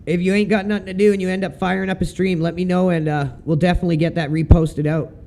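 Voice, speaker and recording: A man's voice: sits high, little pitch movement, quick pace, creaky, dark tone, a little hiss or hum. A man chatting casually and swearing now and then while commenting on his sim racing stream. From Canada.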